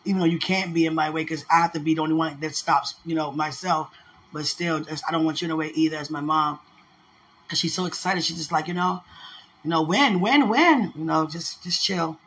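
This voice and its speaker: Woman, effusive, prayerful, repetitive phrasing, bright forceful tone. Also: sits low, level tone, fairly quick. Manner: effusive, prayerful, repeats herself. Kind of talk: emotional casual talk.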